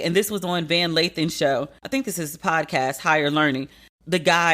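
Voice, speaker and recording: Blunt, animated woman podcast host. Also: fairly low pitch. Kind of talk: casual commentary.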